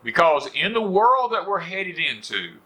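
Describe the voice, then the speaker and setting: A man's voice: high-pitched, very animated, measured pace, pushed and bright. A middle-aged man with a Southern US accent, hosting a rambling, folksy porch talk for viewers and leaning on "you know" fillers. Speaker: homestead channel host. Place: on a porch at home.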